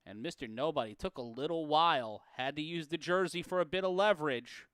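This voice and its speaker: A man calling an amateur football game play-by-play, profane and prone to erupting into shouts and laughter on big plays. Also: on the high side, a little fast, clear, resonant tone, dry recording, studio quality. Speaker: play-by-play commentator. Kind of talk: sports commentary.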